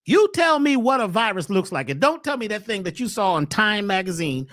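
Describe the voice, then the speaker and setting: A woman delivers a preachy monologue in a lively voice, her pitch swinging widely as she fires off question after question. She sits at a middle pitch, and the recording is dry and close to the mic. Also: a little fast, no echo. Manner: slangy, emphatic. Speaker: host, wellness speaker.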